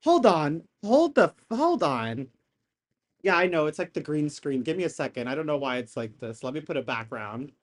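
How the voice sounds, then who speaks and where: A man hosting a casual live reaction stream from his home setup, excitable and rambling, swearing as he rants into a desk mic. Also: fairly high pitch, normal speed. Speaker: livestream reaction host. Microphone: desk microphone.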